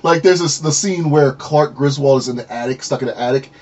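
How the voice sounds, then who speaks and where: A man hosting a casual podcast interview, telling stories with lively acted-out quotes and frequent laughter. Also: mid-range voice, a little fast, breathy edge. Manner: animated storyteller, acts out quotes, laughs often. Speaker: podcast host.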